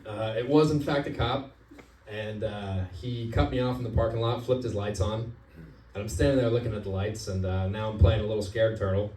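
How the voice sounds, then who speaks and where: Young man doing halting deadpan stand-up. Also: lowish voice. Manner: deadpan, halting delivery with many "uh" pauses. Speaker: stand-up comic. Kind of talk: open-mic stand-up storytelling. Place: comedy club stage. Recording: roomy club sound from far off.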